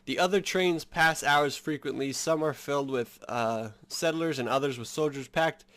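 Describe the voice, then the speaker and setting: A man's voice: on the high side, moderate pace, a bit bright. A man giving casual game commentary, reading story text aloud and rambling with lots of filler words. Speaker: gameplay streamer.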